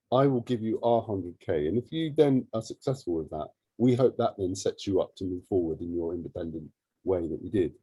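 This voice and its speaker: Husky, dark-voiced man telling a story. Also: on the low side, no room sound, low-quality recording. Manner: lively, acts out remembered dialogue. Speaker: charity CEO. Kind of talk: animated storytelling in an interview.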